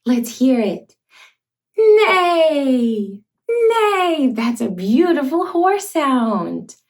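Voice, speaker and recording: Young female kids' host: high, very animated, drawn-out sing-song delivery with playful animal sounds. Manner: slow, exaggerated, sing-song talk to toddlers. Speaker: children's educational host. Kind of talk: toddler teaching video.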